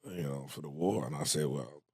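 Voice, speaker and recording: A man's voice: a bass voice, fast talker, a little mellow, slightly rough, no room sound, studio quality. A man, a guest comedian, telling stories in casual chat, laid-back and profane, laughing as he talks.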